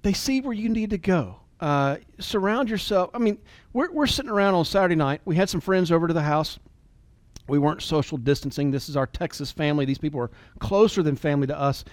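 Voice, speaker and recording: A man in his forties giving an earnest, emotional motivational talk, at times dropping to a soft near-whisper. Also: a little high, expressive, fairly quick, no echo. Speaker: business leader and motivational speaker.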